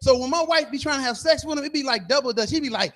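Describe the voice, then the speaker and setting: A man in his fifties performing live stand-up comedy in a bar, loud and animated, acting out characters as he goes. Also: extremely high pitch, fast. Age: 50s. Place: bar stage.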